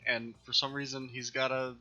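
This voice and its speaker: A man's voice: medium pitch, level tone, normal speed, sharp tone, dull audio, faint music behind. A man hosting a let's play, giving casual, rambling, self-deprecating gameplay commentary.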